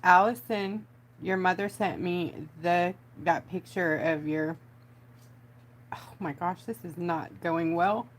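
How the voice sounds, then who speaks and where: A talkative woman, her voice sitting a little low, chats and giggles with her viewers while she crafts at home. A faint hum runs under the recording. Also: slow. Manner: chatty, giggly, talks to viewers. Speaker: craft livestream host. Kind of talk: casual livestream chat while crafting.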